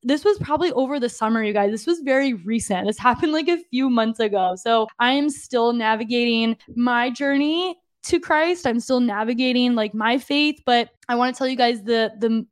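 A young woman with a slightly high voice tells her story in an earnest, confiding way, filling her talk with "like" and talking right to her listeners. The recording is close and dry, with no room sound. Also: normal speed, no echo. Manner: earnest and confiding, frequent "like", addresses listeners as "you guys". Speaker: podcast host and fitness coach. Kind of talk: personal testimony monologue.

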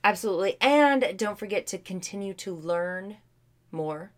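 A woman's voice: medium pitch, animated, normal speed. A woman co-hosting a casual podcast, giving an upbeat, encouraging sign-off. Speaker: podcast co-host.

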